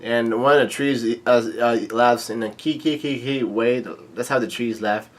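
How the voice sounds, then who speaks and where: A man recapping a comic chapter in a casual, halting read-aloud. He pauses with ums and restarts often, his voice at an ordinary middle pitch. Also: fairly even intonation. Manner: hesitant, many ums and restarts. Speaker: manga reader-reviewer.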